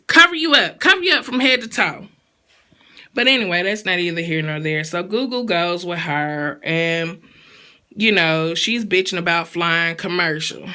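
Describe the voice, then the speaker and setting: A woman's voice: mid-range voice, bright, forceful tone. A woman recapping a reality show in a sassy, blunt, slangy gossip style.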